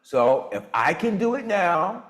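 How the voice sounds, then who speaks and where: A man in his sixties hosting a motivational group on a video call, talking with a lively preacher-like cadence. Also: measured pace, echoey room. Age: 60s. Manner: animated preacher-like cadence, swoops in pitch. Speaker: mastermind group host.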